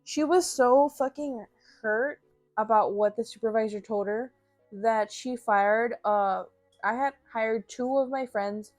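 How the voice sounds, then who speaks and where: A woman's voice: fairly high pitch, slow, dry recording. Young woman, blunt and profane, lots of fillers, casual rant, dry close recording, faint music behind. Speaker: vlogger.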